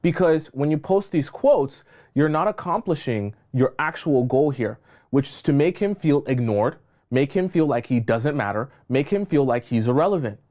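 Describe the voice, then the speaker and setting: A man's voice: fairly high pitch, lively intonation, moderate pace, a little mellow. A male dating coach speaking on a livestream in an emphatic, insistent way. He hammers each point home, repeats himself and keeps asking "okay?" to make sure his viewers are following. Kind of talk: livestream advice talk.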